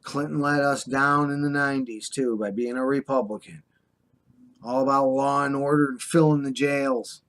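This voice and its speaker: A man's voice: medium pitch, steady tone, normal speed, a bit bright. An older American man delivering an impassioned, scolding monologue to the camera, drawling sarcastic asides. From United States. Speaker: vlogger. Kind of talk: ranting monologue.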